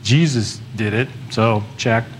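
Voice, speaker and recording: A man preaching a sermon in a relaxed, conversational way, often restarting his sentences and pausing on fillers. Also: mid-range voice, slight background noise.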